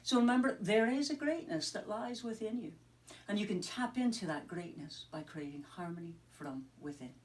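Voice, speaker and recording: A woman's voice: mid-range voice, animated, moderate pace, recorded from a distance. Woman, Scottish-sounding brogue, upbeat coach telling a story, mic set some way off. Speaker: wellness coach. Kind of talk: mindfulness tip to camera.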